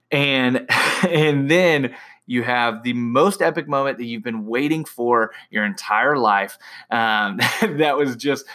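A young man excitedly recapping a film in a casual, rambling way, full of fillers and restarts. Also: medium pitch. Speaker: movie reviewer.

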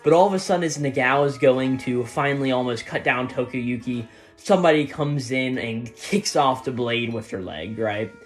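A man's voice: medium pitch, moderate pace, few pauses, soft background music. Rambling male manga reviewer, "right?" tags. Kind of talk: casual chapter-by-chapter review.

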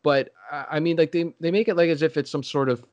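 A man in casual chat, rambling and halting with many restarts and fillers. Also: on the high side, steady tone, a little mellow, clean tone, no echo, lo-fi sound.

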